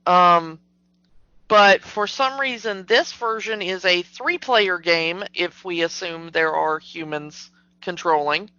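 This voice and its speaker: A woman's voice: lowish voice, takes it slowly, bright, forceful tone, no room sound. A woman co-hosting a podcast, chatting skeptically and animatedly about a movie, with plenty of fillers. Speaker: podcast co-host. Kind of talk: casual movie discussion. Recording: dull lo-fi podcast audio.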